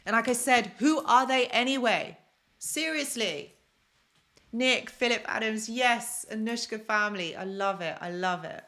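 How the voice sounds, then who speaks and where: A young woman from London hosts an informal self-help live stream where she responds to viewer comments and keeps repeating phrases for emphasis. Her voice is a little high, bright and forceful, and she doesn't hurry.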